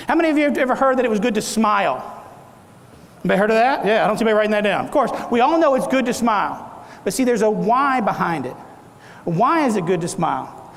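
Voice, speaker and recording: A middle-aged man giving a motivational talk at a conference, quizzing the audience and acting out different tones of voice. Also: high-pitched. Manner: animated, audience questions, acts out tones. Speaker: keynote speaker. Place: large conference hall. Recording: echoey hall.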